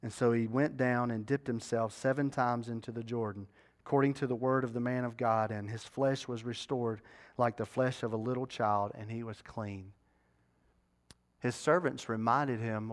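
A man's voice: mid-range voice, moderate pace. A man preaching a sermon, retelling a scripture story and often turning to the congregation with rhetorical questions.

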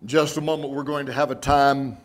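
A man preaching a sermon, telling stories earnestly and with emotion, slowing down for emphasis. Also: medium pitch, little pitch movement.

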